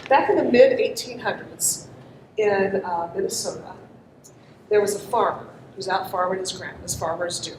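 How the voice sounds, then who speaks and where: A woman conference presenter tells a story to a live audience at normal speed, her medium-pitched voice a little mellow; she chats, laughs often, and asks the room questions. The recording is noisy, with an echoey room and a distant mic.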